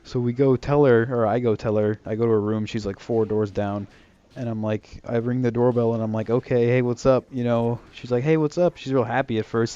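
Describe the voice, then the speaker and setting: Young man, casual rambling storyteller, low flat voice, dull lo-fi recording. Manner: rambling, lots of fillers and restarts; acts out quoted lines in a raised voice. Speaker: vlogger telling a story.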